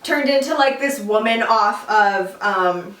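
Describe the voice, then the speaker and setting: A woman's voice: medium pitch, slow, far from the mic. A young woman co-hosting a podcast, telling stories in casual chat with lots of swearing and laughter. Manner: animated storytelling, swears, laughs often. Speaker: podcast co-host. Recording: echoey room, voice off-mic.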